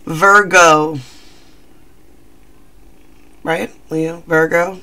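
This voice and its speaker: Chatty, high-voiced man reading tarot. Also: steady tone, moderate pace, bright, forceful tone. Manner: chatty, rambling, self-deprecating. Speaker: tarot reader.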